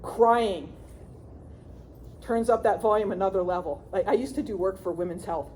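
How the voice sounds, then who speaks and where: A middle-aged woman giving a workshop talk on grief as a counselor, chatty and lively, often checking in with the audience and laughing. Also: mid-range voice, normal speed, a little hiss or hum.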